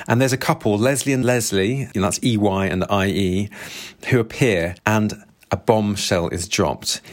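A man reviewing a book, retelling the plot in a steady, plain way and reading quoted passages. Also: lowish voice. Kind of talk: book summary with read-out quotes.

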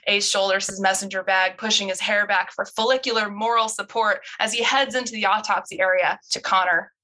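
A young woman reads her own script in a casual, slightly awkward read-through, close to the mic. Her voice is bright and forceful, with a middle pitch. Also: steady tone, brisk, few pauses, rough recording. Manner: awkward, self-interrupting reading with laughs. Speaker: writer reading her script.

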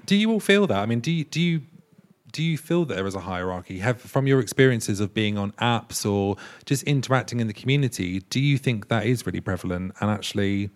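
A man with a fairly low voice who hosts a live podcast panel. He affirms his guests warmly in short words and draws them out with open questions about their experiences. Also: brisk. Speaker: podcast host and panel moderator. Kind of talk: hosting a live panel discussion.

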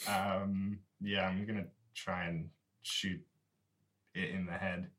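A man playing a tabletop game, talking slowly and wryly with little laughs. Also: low voice, little pitch movement, a bit bright. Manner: slow, wry, laughs between lines. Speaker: player. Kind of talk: casual tabletop game talk.

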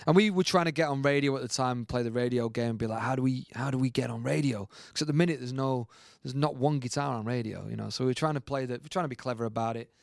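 A man, a guest musician, telling a story in a lively, casual way and acting out the quotes. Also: mid-range voice, fast, vocal fry, few pauses, dry recording, clean studio sound. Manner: animated storyteller, acts out quotes, many fillers.

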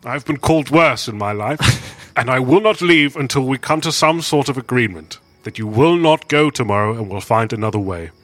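A man's voice: medium pitch, lively intonation, moderate pace, hardly any pauses, fairly bright tone, no echo, close to an everyday voice. A man voicing a polite, earnest adventurer, pleading and persuading.

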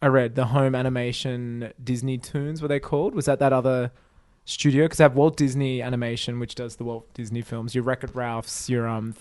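A man's voice: mid-range voice, flat delivery, brisk, a little mellow. Rambling, jokey man co-hosting a podcast. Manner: rambling, jokey, riffs on film trivia. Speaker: podcast co-host. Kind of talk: casual movie chat.

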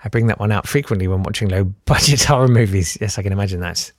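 A man hosting a casual podcast, animated and sardonic, often jumping into high mocking voices. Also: fast talker, no echo, studio quality. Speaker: podcast host. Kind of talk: casual solo podcast chat.

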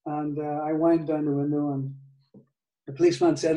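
An older man with a Northern Irish accent, telling a story in an interview, halting, with many restarts and soft laughs. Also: fairly high pitch, little pitch movement, recorded from a distance. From Northern Ireland. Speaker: guitar maker, guest. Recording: echoey room, off-mic.

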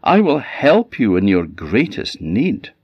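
A man's voice: on the low side, huge pitch swings, slow pace, slightly rough, dry recording, voice pushed up, heavily acted. A man with an Orcadian accent voicing a salmon stranded on a riverbank, crying out for help. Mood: pleading. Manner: crying out, pleading. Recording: slightly dull audio.

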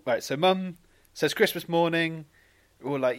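A man's voice: on the high side, a little slow, no echo. A man in his twenties, a bit tipsy on mulled wine, rambling through a story in casual chat and laughing often. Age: 20s.

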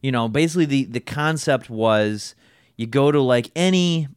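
A man's voice: mid-range voice, normal speed, smooth, no room sound, clean studio sound. A young man co-hosting a casual podcast chat, rambling and swearing freely about old jobs. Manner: rambling, swears often, self-deprecating. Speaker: podcast co-host.

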